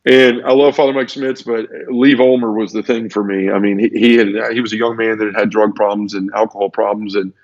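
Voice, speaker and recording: Man, low voice, earnest personal testimony, stumbling repeats, dull lo-fi sound. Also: fairly even intonation, a little fast, few pauses. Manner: earnest, repeats words, acts out quoted voices. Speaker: guest telling his conversion story. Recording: dull lo-fi audio.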